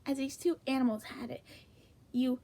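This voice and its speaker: A woman reads comedic fanfic aloud in a hushed, half-whispered voice. Her voice is high but gravelly, with a dark, mellow tone. She jumps suddenly in pitch between stretches of low murmuring. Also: fairly even intonation, normal speed, slight background noise. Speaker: fanfic reader.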